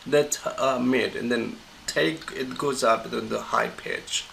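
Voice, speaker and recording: Guy explaining intonation, super gravelly voice, lots of uhs and restarts, faint hum behind. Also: medium pitch, steady tone, a bit bright, rough recording. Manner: halting, many fillers and restarts. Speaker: pronunciation teacher. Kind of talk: screen-recorded lecture.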